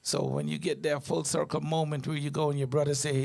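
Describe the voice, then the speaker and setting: A man's voice: fairly high pitch, level tone, a little fast, vocal fry, darkish tone. A man in his late fifties, a guest speaking earnestly and reflectively in an interview. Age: 50s.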